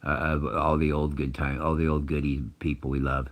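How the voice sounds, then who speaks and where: A middle-aged man with an extremely low, rumbling voice tells a long personal story in a loose, conversational way. He swears freely, doubles back on himself and restarts his sentences as he goes. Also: level tone, normal speed. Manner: rambling, profane, self-interrupting. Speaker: channel host. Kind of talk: casual storytelling.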